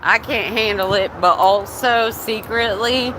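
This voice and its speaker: A woman's voice: a little high, a little slow. A woman livestreaming, telling a personal story in a candid way, with a lot of swearing and laughter. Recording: noisy phone recording.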